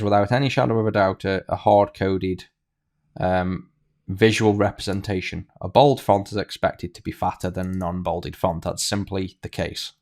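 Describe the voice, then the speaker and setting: A man's voice: on the low side, a little mellow. A man teaching a coding tutorial over a screen recording, thinking aloud with fillers and restarts. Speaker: programming tutor.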